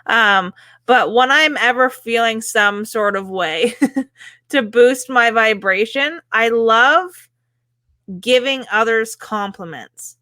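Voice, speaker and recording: A woman's voice: on the high side, bright, forceful tone, no room sound. A woman co-hosting a motivational podcast, chatting enthusiastically. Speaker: podcast co-host.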